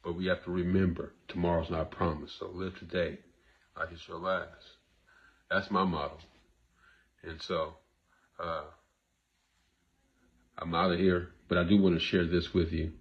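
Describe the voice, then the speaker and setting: A man's voice: deep voice, little pitch movement, normal speed, pauses often, muffled recording. A man hosting a talk show as a therapist, talking earnestly and repeating himself like a preacher, sometimes emotional. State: emotional, grieving. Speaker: therapist host. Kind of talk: casual monologue to camera.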